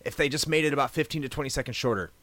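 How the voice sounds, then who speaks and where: A man's voice: medium pitch, racing, a bit bright, no echo. A man guesting on a podcast, sarcastically and crudely ranting about a movie in casual chat.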